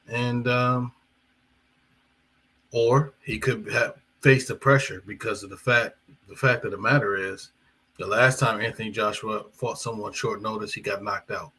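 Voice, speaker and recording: Chatty man with a bright, sharp voice. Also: fairly low pitch, breathy edge, low-quality recording. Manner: chatty, rambling, with fillers and self-corrections. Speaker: boxing commentator and channel host. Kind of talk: casual live-stream commentary.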